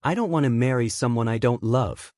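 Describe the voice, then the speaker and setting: A man's voice: mid-range voice, a little fast, darkish tone, dry recording, studio quality, lightly acted. A man voicing a sullen, sickly young prince who speaks in a muffled, withdrawn way. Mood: disappointed.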